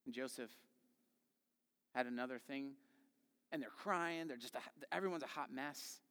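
A man's voice: medium pitch, moderate pace, a bit bright. A man preaching a sermon in a conversational, emphatic way, often checking in with his listeners by asking "right?". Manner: conversational, emphatic, with tag questions. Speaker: pastor. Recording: long hall reverb.

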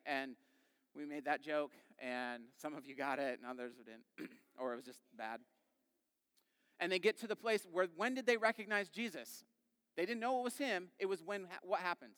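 Conversational pastor in a reverberant hall. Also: male voice, high-pitched, clean tone. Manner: conversational, animated storytelling with quick quoted voices. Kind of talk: sermon. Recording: long reverb of a large hall.

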